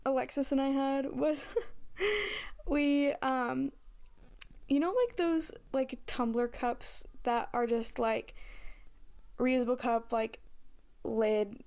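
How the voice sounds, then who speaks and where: Podcast co-host, woman in her 20s; bright-ish higher voice, loose chatty delivery. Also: fairly even intonation, slow, long pauses. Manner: chatty, heavy use of "like". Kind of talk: casual chat.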